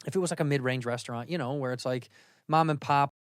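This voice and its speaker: A man's voice: medium pitch, quick pace, smooth, no room sound, studio quality. A man, a comedian hosting a podcast, chatting casually in a loose, profane way and acting out the voices of people he describes. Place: podcast studio. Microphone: studio mic.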